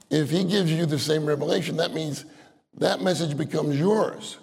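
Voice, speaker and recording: A man's voice: a little high, normal speed, creaky, in a large hall. An older man preaching a conversational sermon, acting out short prayers as he talks. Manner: animated, conversational, acts out prayers.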